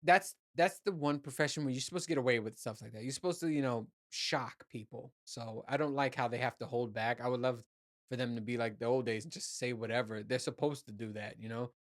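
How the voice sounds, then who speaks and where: A man with a medium-pitched voice talks a little fast on his own podcast. He rants casually and rambles, swearing freely, restarting sentences often, and filling gaps with plenty of "you know"s.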